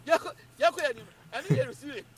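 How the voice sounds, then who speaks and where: A Ghanaian man holds forth on politics in a high voice that swoops up and down. He talks emphatically and keeps repeating his points. He drifts between English and Twi as he argues. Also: very animated, fast talker, over a noisy crowd. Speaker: political commentator. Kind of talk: animated political talk.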